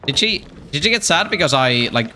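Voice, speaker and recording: Male streamer, bright and tense voice, easygoing rambling play-by-play with jokes. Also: a little high, big pitch swings, fairly quick, slight background noise. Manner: rambling, joking, talks to himself and other players. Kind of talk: casual live-stream gameplay commentary.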